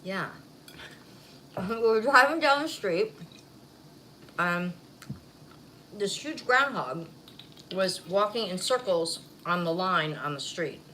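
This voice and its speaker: A woman's voice: medium pitch, lively intonation, takes it slowly, pauses often, sharp tone, rough recording. A woman vlogger chatting casually while eating on camera, rambling and laughing easily. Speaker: mukbang vlogger. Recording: faint background noise.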